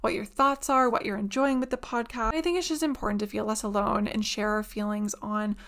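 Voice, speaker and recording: A woman's voice: mid-range voice, steady tone, fairly quick, a bit bright. A woman in her twenties hosting a casual solo podcast, telling rambling stories with lots of "like". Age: 20s. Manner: rambling, chatty storyteller, heavy use of "like". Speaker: podcast host.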